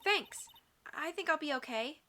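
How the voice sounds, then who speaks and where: A woman's voice: sits high, lively intonation, normal speed, bright, forceful tone, a little hiss or hum, voice pushed up. Woman doing a chirpy young sidekick. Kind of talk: video game voice-over reading.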